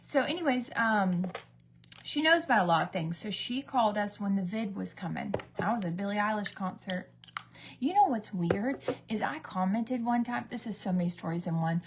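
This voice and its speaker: Animated and at a normal speed, this mid-range voice belongs to a woman in her thirties from the US telling chatty get-ready-with-me stories. As a beauty vlogger she gossips and meanders, acting out characters, with noise in the background.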